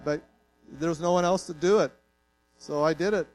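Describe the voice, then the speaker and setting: A Canadian pastor delivers an earnest, folksy sermon in a voice pitched a little high for a man, steady in tone and darkish, at a moderate pace. He shares plain stories and pokes fun at himself before driving his point home with emotion. The recording is rough, with a faint electrical hum underneath.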